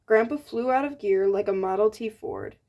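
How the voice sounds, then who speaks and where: A woman reading a novel aloud in a gentle, plain storybook manner, giving the characters light voices. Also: medium pitch, wildly swooping pitch, moderate pace, vocal fry. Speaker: audiobook reader.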